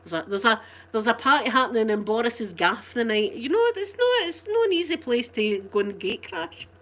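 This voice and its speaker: A woman's voice: on the high side, sing-song, normal speed, a bit bright. A woman with a Glasgow accent chatting casually with her live viewers, rambling and laughing often. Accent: Scottish, Glasgow. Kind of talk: casual live-stream chat.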